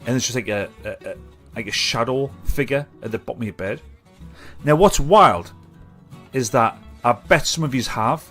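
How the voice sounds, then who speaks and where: A man's voice: mid-range voice, lively intonation, moderate pace, a bit bright, soft background music. A man with a Mackem accent hosting a casual live-stream chat, rambling and swearing freely. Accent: Mackem (Sunderland).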